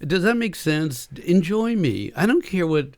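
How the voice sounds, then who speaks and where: Guy co-hosting a marriage podcast, kinda high gravelly voice, acts out what people say. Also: a little slow, no echo, studio quality. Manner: animated, acts out quoted lines. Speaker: podcast co-host, marriage coach. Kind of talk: casual podcast chat.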